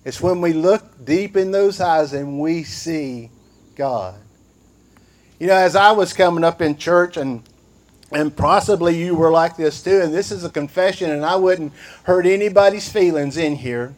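Older man preaching slowly, high voice, folksy sermon style. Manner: folksy, conversational preaching with acted-out quotes; slow and drawn out. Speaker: pastor.

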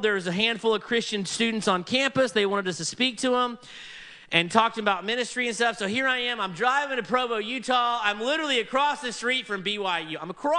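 A man preaching a story-driven sermon, acting out the people he quotes with shifting voices. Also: very high-pitched. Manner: animated, acts out quoted people in varied voices.

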